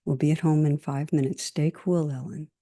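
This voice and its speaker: A woman's voice: low voice, steady tone, moderate pace, mellow. A woman voicing an older grandmother who talks in a controlled, soothing way. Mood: calm soothing.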